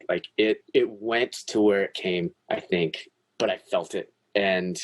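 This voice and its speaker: A man who is a podcast guest, telling a personal story in a candid, earnest way with frequent swearing. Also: lowish voice.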